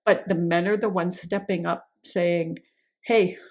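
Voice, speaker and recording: A woman co-hosts a casual chat, her voice a little husky. She rambles through her opinions, restarting sentences and checking in with "right?" along the way. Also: fairly low pitch, steady tone, measured pace. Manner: opinionated, rambling with many restarts and tag questions. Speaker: podcast co-host.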